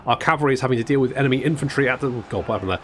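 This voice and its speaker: A man's voice: medium pitch, very fast, a bit bright, slight background noise. A man casually commentating a strategy game, wry and chatty, swearing now and then and restarting his sentences. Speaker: gameplay commentator. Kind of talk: casual let's-play commentary.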